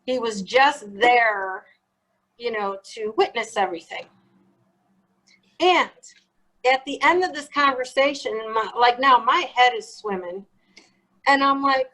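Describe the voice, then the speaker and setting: A woman telling her own story in an interview, blunt and animated, swearing freely as she acts out what was said. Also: fairly high pitch, unhurried, long pauses, rough recording. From Chicago. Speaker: guest.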